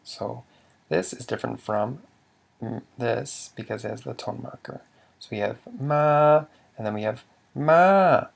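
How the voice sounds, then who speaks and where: A man's voice: lowish voice, little pitch movement, moderate pace, gravelly, a little mellow, slightly rough. A man teaching a language lesson, explaining rules patiently step by step with some fillers.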